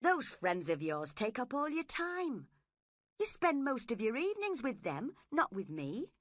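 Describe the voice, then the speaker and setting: A woman's voice: fairly high pitch, wildly swooping pitch, measured pace, no room sound, studio quality, pitched above the performer's own voice. A woman voicing a sullen, jealous young man who speaks bluntly and resentfully.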